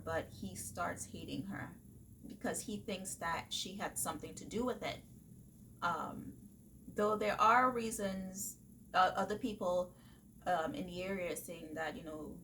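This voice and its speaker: Slow-talking woman chatting about books. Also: on the low side, slight background noise. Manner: chatty, animated retelling with frequent fillers and laughs. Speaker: book vlogger. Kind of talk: casual book review chat.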